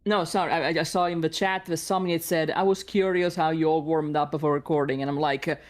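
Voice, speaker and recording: Giggly woman on a podcast, lowish voice, chatty and self-mocking. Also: steady tone, fast, crowd noise. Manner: giggly, laughs often, self-deprecating. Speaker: guest voice actor. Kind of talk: casual podcast chat.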